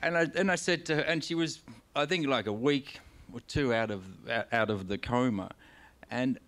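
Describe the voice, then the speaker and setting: A man's voice: mid-range voice, moderate pace, fairly bright tone. A man with an Australian accent, talking on a venue stage in a live conversation, telling stories candidly and rambling with lots of restarts and casual swearing. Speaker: guest author.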